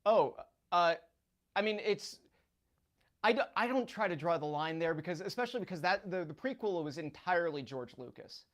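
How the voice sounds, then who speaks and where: A man from South Florida, a guest analyst chatting casually on a radio show, telling animated stories. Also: high-pitched, moderate pace. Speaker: sports betting analyst guest. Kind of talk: casual chat.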